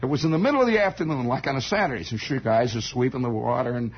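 Husky man spinning a rambling radio yarn. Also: medium pitch, fast talker. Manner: digressive, chuckling, folksy, with many restarts. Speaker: radio host. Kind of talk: rambling radio storytelling monologue. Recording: dull lo-fi vintage radio broadcast.

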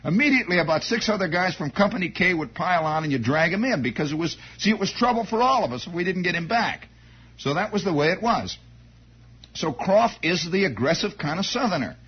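Husky, lively-voiced male storyteller. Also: high-pitched, brisk. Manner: digressive, repeats words, wry asides. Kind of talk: rambling anecdote monologue. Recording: dull lo-fi recording.

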